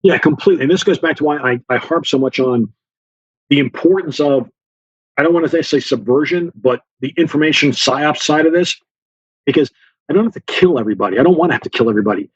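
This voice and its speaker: A man speaking in a fairly high, husky voice, recounting events as a guest on an interview show. He acts out the lines of the people in his story and talks with frequent fillers. The sound is dry and a bit muffled. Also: quick pace, no echo. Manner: animated storyteller, acts out dialogue, many fillers. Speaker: guest author, former Special Forces officer.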